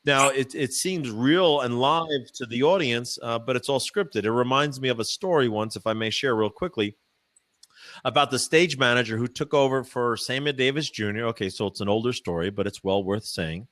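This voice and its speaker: A man, a professional speaker, answering interview questions in a chatty, animated way with many fillers and restarts, using a practiced voice dropped low from the diaphragm. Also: normal speed, no room sound. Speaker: professional speaker, podcast guest. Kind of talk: casual interview answers, storytelling. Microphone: microphone.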